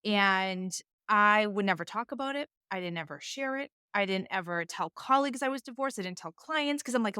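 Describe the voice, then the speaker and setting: A woman's voice: mid-range voice, lively intonation, moderate pace, few pauses, sharp tone, smooth, dry recording, clean studio sound. Candid middle-aged woman with a Boston accent. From Boston area, US. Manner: candid, reflective storytelling. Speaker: guest, divorce attorney. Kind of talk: podcast conversation.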